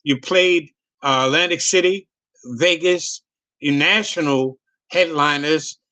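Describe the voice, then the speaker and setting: A man's voice: on the high side, takes it slowly, pushed and bright. A man hosting a casual interview, telling loose profane stories with many restarts and repeats. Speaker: host.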